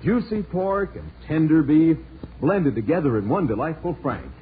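A man's voice: a little high, animated, moderate pace, close to an everyday voice. A man playing an eager salesman on old radio. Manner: eager and persuasive. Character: eager, smooth-talking salesman. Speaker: announcer in an ad. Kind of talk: 1940s radio ad acting. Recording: tinny old radio broadcast with hiss.

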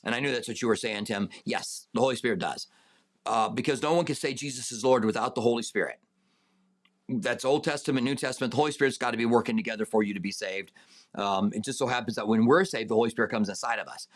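A man teaching a Bible study and answering viewer questions, unhurried, with many fillers and restarts, and a raised, emphatic voice when reading scripture aloud. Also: medium pitch.

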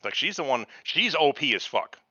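A man's voice: fairly high pitch, sing-song, moderate pace, pushed and bright, no room sound, dull audio. A man in casual podcast chat, rambling and profane, acting out the voices of people he describes. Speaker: podcast host.

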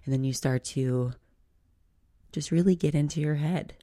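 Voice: mid-range voice, normal speed, pauses often, dark tone, no room sound, clean studio sound. A podcast host explaining casually in loose, chatty talk, swearing freely and acting out inner voices.

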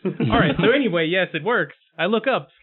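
A man's voice: sits high, animated, a little fast, slightly rough. A man playing a tabletop game, joking and laughing along with the table. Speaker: player. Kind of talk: casual tabletop play. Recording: tinny call audio.

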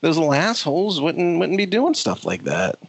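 A man's voice: on the high side, huge pitch swings, normal speed, vocal fry, slightly rough. A man co-hosting a podcast, telling a story in a casual, profane way with lots of restarts. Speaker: podcast host.

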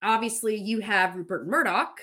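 A woman's voice: mid-range voice, normal speed, sharp tone. A woman hosting a casual chat, talking candidly and swearing now and then as she runs through what she looked up. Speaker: host.

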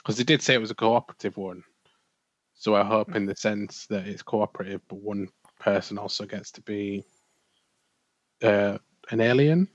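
A man co-hosting a casual games podcast, offering measured, dry commentary. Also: on the low side, no echo, poor audio. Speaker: podcast co-host.

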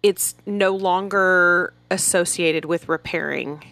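A woman's voice: lowish voice, steady tone, vocal fry, a bit bright, no room sound. A woman co-hosting a parenting podcast, chatting candidly about her own habits. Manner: candid, chatty, quick to laugh along. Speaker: podcast co-host. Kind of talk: casual podcast discussion.

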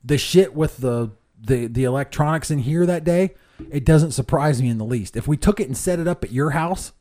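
A man's voice: on the high side, normal speed, a little mellow. A man co-hosting a casual podcast, blunt and swearing freely in chat. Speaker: podcast co-host.

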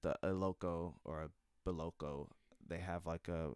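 A man's voice: deep voice, steady tone, normal speed, darkish tone, clear, resonant tone, dry recording, clean studio sound. A man hosting a casual chat, telling folk tales in a loose, profane way and laughing often.

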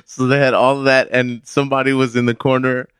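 A man co-hosting a podcast in relaxed, casual chat, laughing along with his co-host. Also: medium pitch, brisk, smooth, no echo, clean studio sound.

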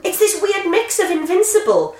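Lively high-voiced woman. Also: moderate pace, distant mic. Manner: lively, swearing, laughing storyteller. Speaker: comedian. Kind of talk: casual chat, anecdote telling. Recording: roomy echo, faint background noise.

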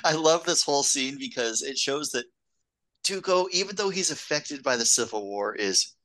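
A man's voice: mid-range voice, animated, normal speed, pushed and bright, low-quality recording. A man co-hosting a film podcast, laughing easily, drifting into tangents and restarting his sentences. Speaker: podcast co-host. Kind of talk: casual film discussion.

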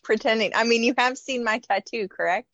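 A woman's voice: fairly high pitch, fairly quick, fairly bright tone, no echo, dull audio. A woman who is a guest on a podcast, chatting casually and playfully. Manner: laughs often, playful. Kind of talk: casual chat.

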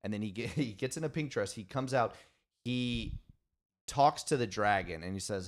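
Lower-voiced man, excitable podcast chat. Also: normal speed. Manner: excitable, laughing storyteller. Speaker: podcast co-host. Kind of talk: casual chat.

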